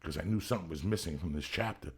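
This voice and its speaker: A man's voice: sits low, very fast, breathy edge. A man in his fifties hosting a podcast, chatting casually in a boisterous, profane way. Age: 50s. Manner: boisterous, swears constantly, loud hype shouting. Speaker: podcast host. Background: rock music playing.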